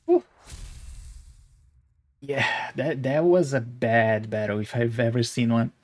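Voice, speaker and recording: A man's voice: mid-range voice, takes it slowly, faint music behind. A man streaming a game live, chatting casually and self-deprecatingly, stumbling over his words at a desk microphone. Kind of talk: live-stream gameplay chat and reading.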